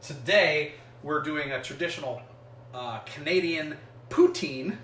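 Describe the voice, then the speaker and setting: A man's voice: a little high, measured pace, a bit bright, roomy sound, far from the mic, slight background noise. Chatty joking man hosting a cooking vlog. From United States. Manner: chatty and joking, thinking aloud while cooking. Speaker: cooking show host. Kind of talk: casual cooking vlog, talking to live chat. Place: home kitchen, indoors.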